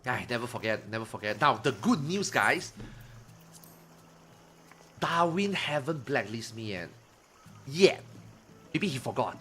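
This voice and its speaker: A man streaming, telling a story to his chat in a casual, animated way, swearing freely and acting out his friends' lines. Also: mid-range voice, unhurried, long pauses, a little hiss or hum.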